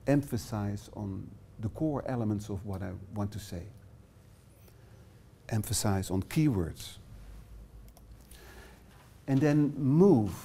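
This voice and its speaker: Dutch-accented middle-aged male trainer, mellow tone, halting English with fillers, small classroom. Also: mid-range voice, creaky, a little hiss or hum. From Netherlands. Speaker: workshop trainer. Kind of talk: live workshop presentation.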